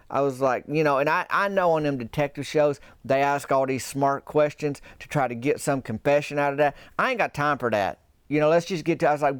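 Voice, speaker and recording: Man, comic storyteller, folksy, rambling, middle pitch, smooth voice. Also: brisk, no room sound, studio quality. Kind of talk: comedic storytelling.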